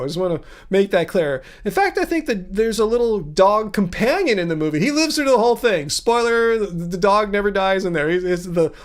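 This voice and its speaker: A man hosting a casual livestream, answering viewer comments in a chatty, earnest way, thinking aloud with frequent restarts. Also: high-pitched. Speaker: livestream host.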